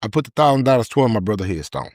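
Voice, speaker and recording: Here a middle-aged podcast guest races through his story in a lowish voice. The interview is an animated retelling where he acts out what people said, captured as a dry, clean studio recording.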